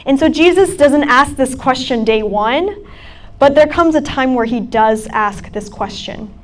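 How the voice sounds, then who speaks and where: A woman's voice: high-pitched, lively intonation, measured pace. Chatty young woman giving a sermon. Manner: casual, chatty preaching with many fillers. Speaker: campus ministry speaker. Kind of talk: sermon talk.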